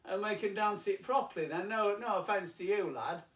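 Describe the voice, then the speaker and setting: A man's voice: high voice, moderate pace, fairly bright tone, voice pushed up. A man voicing a chatty, flirtatious ladies' man who talks in a breezy, overfamiliar way. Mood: jovial. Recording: roomy, distant, faint piano.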